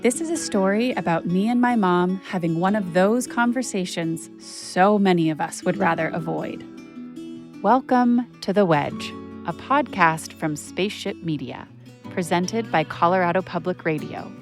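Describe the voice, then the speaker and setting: A woman journalist narrates her own podcast in a candid, chatty way. Her voice sits a little low. Faint music plays quietly beneath her. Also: moderate pace. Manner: candid, conversational storytelling with casual fillers.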